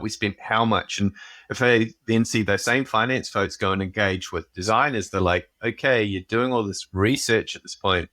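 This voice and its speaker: A man with a fairly low voice co-hosts a casual business podcast, chatting over a video call. He talks in animated bursts and breaks off to restart his sentences. The sound is dry and close, with no room around it. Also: no room sound. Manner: animated, self-interrupting storyteller. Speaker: podcast co-host. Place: home office on a video call.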